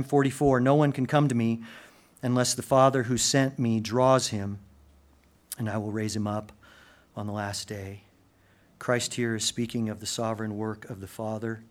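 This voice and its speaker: A man preaching a sermon, swinging from loud urgent emphasis to hushed intensity, with casual slang asides. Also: mid-range voice. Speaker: pastor.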